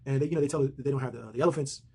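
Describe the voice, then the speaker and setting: A man's voice: mid-range voice, racing, mellow, a little hiss or hum. A man giving a slangy, rambling casual recap of a TV episode from home. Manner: slangy, rambling retelling with fillers.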